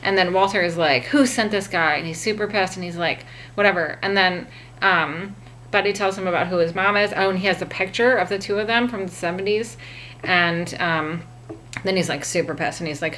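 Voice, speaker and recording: A woman's voice: on the low side, bright, forceful tone, a little hiss or hum. A woman casually retelling a film from memory, rambling with frequent fillers and laughs. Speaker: vlogger.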